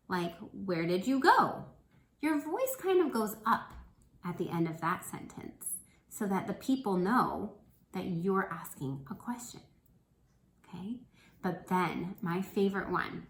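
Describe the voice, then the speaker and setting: Woman teacher, kind and encouraging with young kids, recorded in a room with echo. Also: mid-range voice. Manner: encouraging, checks in with frequent "okay?". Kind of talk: classroom lesson for children.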